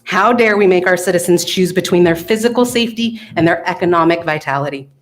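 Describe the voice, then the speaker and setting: A woman's voice: on the low side, fast. A woman from the local chamber of commerce giving an earnest, emotional public comment to a city council.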